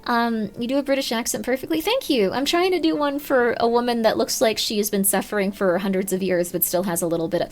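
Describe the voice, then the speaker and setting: A woman's voice: a little high, fairly quick, faint music behind. A woman streaming a horror game, chatting casually, reading chat and breaking into sudden yelps. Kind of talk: casual live game commentary.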